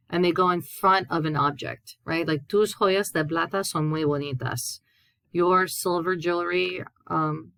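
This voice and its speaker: A woman with a low, dark-leaning voice walks students through a Spanish grammar lesson. She reads each example aloud, then translates it patiently. The sound is dry and close, with no room echo. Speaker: Spanish teacher. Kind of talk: recorded classroom lesson.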